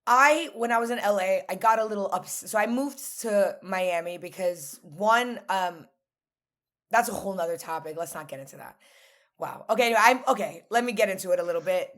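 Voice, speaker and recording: Speaking a little fast at medium pitch, this New York woman is a guest on a podcast, chatting casually. Her storytelling is lively, and she doesn't mince words.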